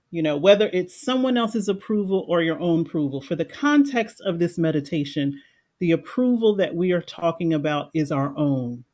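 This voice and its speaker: On a livestream microphone, a woman life coach with a lowish, darkish voice gives a meditation talk. She sounds earnest, reflective, and emotional.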